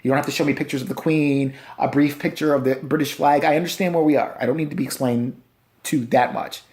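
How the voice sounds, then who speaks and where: A man's voice: medium pitch, steady tone, fast, a little mellow. A man rants through a casual movie review, full of sarcasm and profanity. He mocks the film scene by scene in a loose, conversational voice, recorded on a handheld camera.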